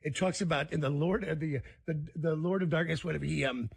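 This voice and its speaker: Gravelly male radio host, excitable. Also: fairly high pitch, brisk. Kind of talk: casual radio chat.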